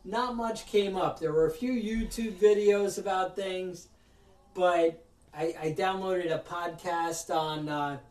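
A man's voice: high-pitched, steady tone, slow, a little mellow, roomy sound, recorded from a distance. A man hosting a casual podcast, telling a story in a ranting way and acting out other people's lines. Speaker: podcast host.

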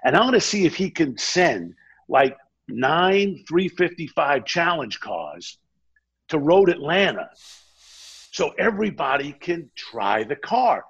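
A man telling an animated anecdote as an interview guest, acting out the dialogue he quotes. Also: a little high, slow, vocal fry, slightly rough, highs cut off. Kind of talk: casual storytelling.

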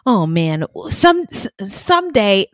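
A woman's voice: medium pitch, sing-song, takes it slowly, dry recording. A woman co-hosting a true crime podcast, chatting casually with blunt asides and frequent laughter. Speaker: podcast co-host.

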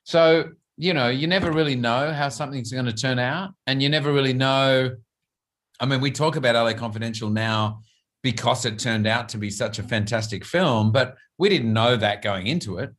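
A middle-aged man with an Australian accent talks through his answers in a relaxed interview. He often repeats a word while he works out what to say next. His voice sits at an ordinary pitch for a man. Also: moderate pace. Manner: thoughtful, repeats words while searching for phrasing. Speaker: actor guest.

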